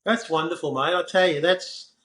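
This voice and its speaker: A man's voice: fairly high pitch, moderate pace, fairly bright tone, low-quality recording. A man, hosting a podcast interview. He talks in an effusive way and is generous with his praise. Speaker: podcast host.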